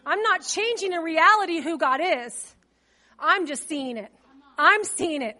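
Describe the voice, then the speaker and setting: A woman's voice: very high-pitched, lively intonation, measured pace, pushed and bright. A woman preaching a sermon to her congregation in a chatty way, putting questions to them and using many fillers. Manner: conversational, asks the congregation questions; loose with fillers.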